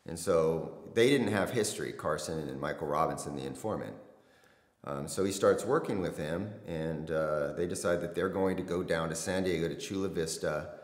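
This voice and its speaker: A man's voice: low-pitched, normal speed. A middle-aged man, a former detective, recounting a case in blunt, conversational interview talk. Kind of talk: casual storytelling interview. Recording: echoey room with long reverb.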